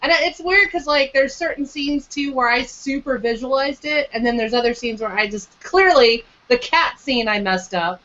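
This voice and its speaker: Casting: eager book club co-host, high voice, lo-fi call sound. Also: female voice, normal speed, few pauses, fairly bright tone. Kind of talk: casual chat.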